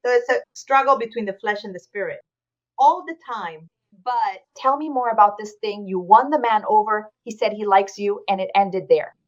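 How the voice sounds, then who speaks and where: Lively woman host, dull lo-fi sound. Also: mid-range voice, normal speed. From Brazil. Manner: lively, laughing in disbelief. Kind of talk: interview chat. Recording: dull lo-fi audio.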